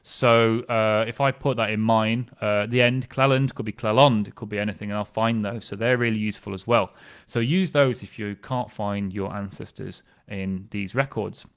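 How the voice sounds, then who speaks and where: A man's voice: on the low side, fairly even intonation, normal speed, clean tone. A man working as a family history specialist, explaining census records in a conversational, enthusiastic way. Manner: conversational, with fillers and restarts, enthusiastic. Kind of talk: explanatory talk on genealogy records.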